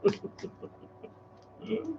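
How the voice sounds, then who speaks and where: A woman reads tarot on a live stream from her home, speaking to the camera in a chatty way and greeting viewers by name. She draws out her words, and the audio is dull with noise in the background.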